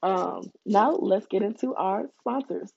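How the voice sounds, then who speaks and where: Chatty and heartfelt, a woman hosts a casual solo podcast, using many fillers and calling listeners baby and honey. Her medium-pitched voice is a little slow, gravelly, husky, and darkish in tone, on dull audio.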